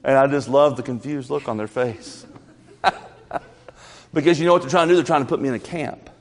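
A man preaching a sermon in a church, lively, often repeating and stumbling over his first words. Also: medium pitch, a little fast. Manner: animated, repeats words, stammers at starts. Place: church sanctuary. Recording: reverberant church hall.

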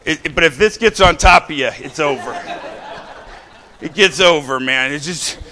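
High-voiced, fiery shouting preacher. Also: male voice, normal speed, some chatter behind. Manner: exhorting, repetitive, bursts of shouting. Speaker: pastor. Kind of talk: fiery sermon.

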